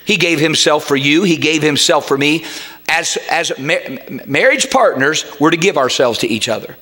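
A man preaching a sermon as pastor, emphatic and rising to shouts. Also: a little high, lively intonation, normal speed.

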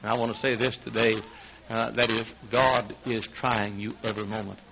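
An older man from Texas with a Texan accent, preaching a sermon as a pastor. He swings between hushed, tender low passages and high, shouted preaching, often chuckling as he goes. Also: little pitch movement, normal speed, vocal fry, husky, low-quality recording.

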